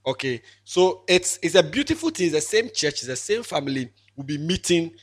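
A young Ghanaian pastor in his twenties delivers a farewell sermon from the pulpit to his congregation, his voice brisk, husky, slightly above the usual male range and swinging widely in pitch. He blends emotion with jokes and repeats himself often.

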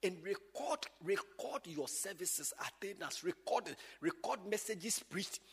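A man's voice: high-pitched, unhurried, creaky, breathy edge, big-room sound. A man, teaching church workers in an emphatic, repetitive way. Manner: animated, emphatic, repeats points.

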